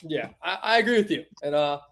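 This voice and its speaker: A young man with a notably high voice hosts an interview over a video call. He speaks softly and hesitantly, restarting and trailing off as he asks his questions. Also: lively intonation, fairly quick. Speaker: interview host. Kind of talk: casual remote interview.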